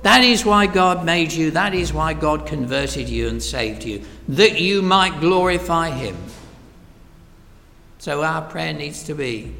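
A man preaching a sermon, slow and emphatic, swinging from hushed whispers to loud cries. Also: fairly high pitch, gravelly. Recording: long reverb of a large hall.

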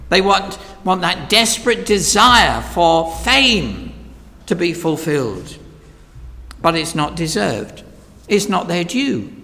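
Male preacher, high and animated voice, deliberate declamatory delivery, reverberant hall. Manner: emphatic, declamatory, rhetorical questions. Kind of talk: sermon. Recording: long reverb in a large hall.

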